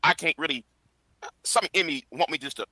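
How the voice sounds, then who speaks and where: Bright, sharp-voiced lecturing man. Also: a little high, no room sound, low-quality recording. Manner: preachy, lecturing, halting restarts. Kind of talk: lecturing video commentary.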